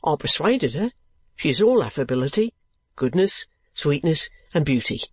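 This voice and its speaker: A man voicing an excitable, eccentric middle-aged male clerk in an audiobook who talks in a stammering, fluttering rush. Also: a little high, moderate pace, dry recording. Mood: exultant. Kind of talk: audiobook character voice.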